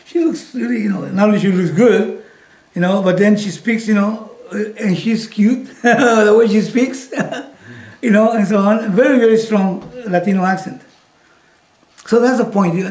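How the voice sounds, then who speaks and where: A man's voice: high voice, a little mellow. A man teaching in a casual, rambling way, chuckling often and saying "you know" a lot. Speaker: spiritual teacher. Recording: roomy echo.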